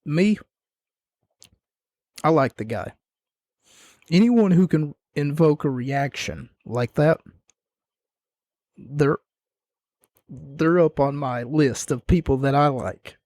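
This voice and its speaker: Slow, mellow-voiced man ranting about wrestling. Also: a little high, lively intonation, dry recording, studio quality. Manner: sarcastic, mocking rant with mimicked chants. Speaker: podcast host. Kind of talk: casual wrestling commentary.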